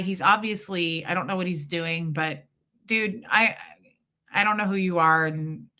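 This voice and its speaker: A woman talking to her live viewers in a candid, expressive way and acting out the people in her story. Her voice is bright and forceful and sits a little low. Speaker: livestream host. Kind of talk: casual chat with live viewers.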